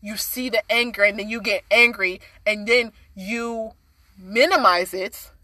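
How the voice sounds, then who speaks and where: A woman's voice: medium pitch, unhurried, pushed and bright, no echo. A woman speaking earnestly and passionately in a casual conversation, with many fillers.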